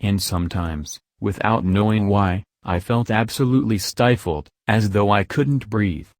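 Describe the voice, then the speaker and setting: A man reading a novel aloud as an audiobook narrator, measured and even, on a close mic. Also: lowish voice, no room sound. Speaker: audiobook reader.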